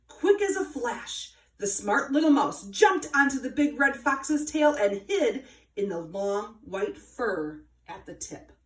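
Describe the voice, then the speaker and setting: A woman reading a children's story aloud with an expressive, sing-song delivery. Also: fairly high pitch, far from the mic. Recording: roomy, from afar.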